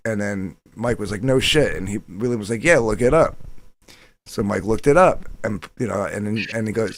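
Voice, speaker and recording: A man rambles through a long story in casual, profane chat, often quoting other people by dropping his voice lower.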